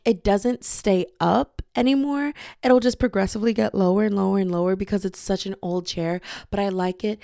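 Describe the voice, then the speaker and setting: A woman's voice: medium pitch, gravelly, darkish tone, no room sound, clean studio sound. A young adult woman hosting her own podcast from her bedroom, chatting in a rambling way with a slightly scratchy voice and breaking into playful singing. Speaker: podcast host. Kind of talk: casual solo podcast chat. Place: her bedroom with hardwood floors. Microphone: podcasting mic.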